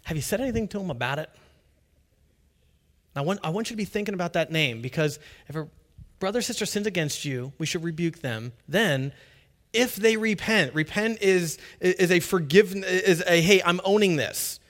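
Pastor guy preaching, talks kinda high, chatty and lively, does little voices. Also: normal speed. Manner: animated, conversational, acts out quotes. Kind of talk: sermon.

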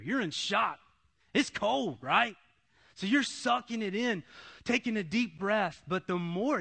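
A man giving an emotional testimony sermon, repeating phrases and swinging between loud, pleading passages and hushed ones. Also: high-pitched, creaky.

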